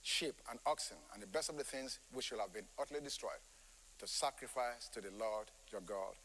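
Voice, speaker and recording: A man's voice: medium pitch, brisk, a bit bright, big-room sound, slight background noise, pitched below the performer's own voice, natural voice, low-quality recording. A man voicing a defensive male king who argues and shifts the blame. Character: defensive male king arguing his excuses.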